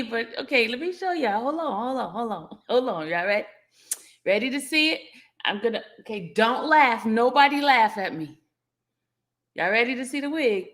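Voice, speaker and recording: A woman's fairly high, animated, slightly bright voice carries at a moderate pace as she hosts an easygoing livestream. One by one she calls out viewers by name, laughing a lot while she playfully teases them.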